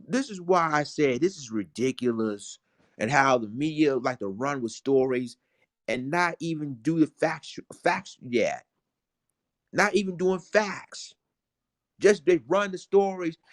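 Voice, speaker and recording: A man's voice: a little high, no echo, studio quality. A man vlogging emotional commentary, indignant and repetitive, talking straight to his viewers.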